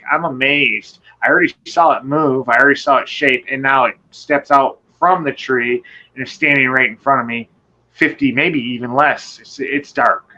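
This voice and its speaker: A man telling a personal encounter story in casual conversation, rambling and animated, swearing and acting out what people said. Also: medium pitch, highs cut off. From Michigan. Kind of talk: casual storytelling on a live show.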